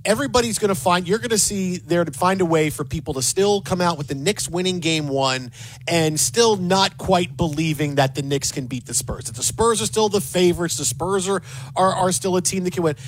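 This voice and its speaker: A man hosting sports talk, telling rambling, excitable stories full of restarts. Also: high voice, a little fast, a little hiss or hum. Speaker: sports radio host.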